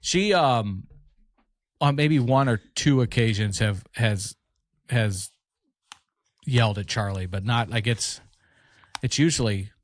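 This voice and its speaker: A man's voice: medium pitch, takes it slowly, pauses often, no room sound. A man hosting a podcast, chatting casually with rambling, joking asides. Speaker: podcast host. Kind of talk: casual chat.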